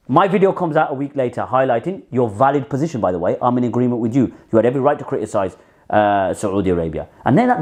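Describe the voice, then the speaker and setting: A man's voice: a little high, a little mellow. A man recording a heated video message that speaks straight to another person. He repeats his points for emphasis, and his speech is full of fillers and restarts. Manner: frequent filler words and restarts. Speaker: Muslim commentator. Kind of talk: direct-address video message.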